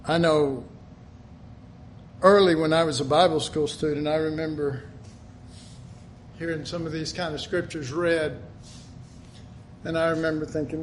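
A man's voice: fairly high pitch, fairly even intonation, unhurried, pauses often, a little hiss or hum. A middle-aged man preaching a sermon, earnest and emphatic, often repeating himself.

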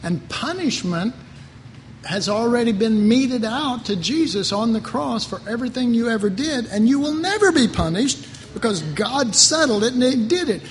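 A man's voice: very high-pitched, expressive, moderate pace. A middle-aged man preaching a sermon in a rambling, conversational way, often repeating his words. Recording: reverberant hall, faint ambient noise.

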